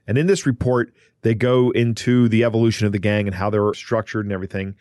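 A man's voice: fairly low pitch, fairly even intonation, quick pace, a little mellow, no echo, clean studio sound. A man co-hosting a podcast, explaining a news story in a casual, conversational way with some restarts. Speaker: podcast co-host.

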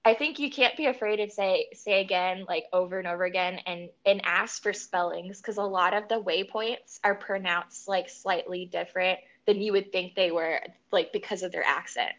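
A woman's voice: medium pitch, moderate pace, few pauses, fairly bright tone. A young woman, a pilot, chatting casually as a podcast guest, laughing often and using lots of fillers. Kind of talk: casual interview chat. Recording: slightly dull lo-fi sound.

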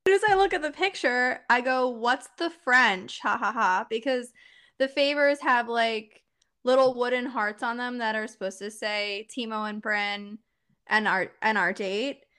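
Giggly high-voiced woman podcast co-host. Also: steady tone, moderate pace, a bit bright, clean tone. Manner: giggly, laughs through her story. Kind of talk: casual chat.

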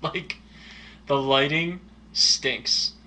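A man's voice: a little high, drawn-out words, pushed and bright, slight background noise. A man co-hosting a casual movie chat, giving dry, teasing, opinionated takes. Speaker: podcast co-host.

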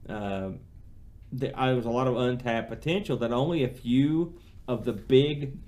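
A man's voice: medium pitch, normal speed, mellow. Male podcast co-host, casual game-review chat, rambling and full of restarts. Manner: rambling, many restarts and fillers.

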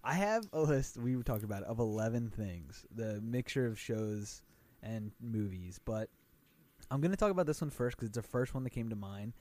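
A man's voice: fairly low pitch, normal speed. A man co-hosting a podcast, telling stories in casual chat with exaggerated delivery and frequent laughter. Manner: animated, laughs often, exaggerated storytelling. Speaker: podcast co-host.

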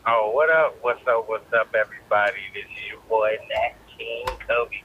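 A man's voice: fairly low pitch, normal speed, crowd noise. A man calling into a podcast from his car, chatting casually in a laid-back, profane, rambling way. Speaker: guest calling in. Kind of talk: casual phone chat. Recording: muffled phone call with faint noise.

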